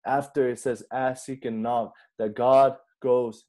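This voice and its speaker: A young man gives a relaxed, conversational sermon as a pastor. His voice is mellow and warm in tone. He talks in a chatty, animated way and keeps checking in with the listeners. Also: mid-range voice, measured pace. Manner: chatty, animated storytelling with frequent "right?" and "you know".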